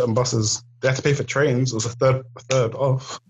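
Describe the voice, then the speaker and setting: A young man in relaxed casual chat, chuckling along with his friend. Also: medium pitch, moderate pace, husky, highs cut off.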